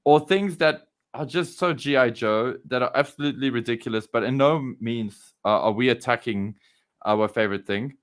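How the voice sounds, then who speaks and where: A man's voice: mid-range voice, normal speed. A South African man co-hosting a podcast chat, enthusiastic and steering the talk between topics. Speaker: podcast co-host.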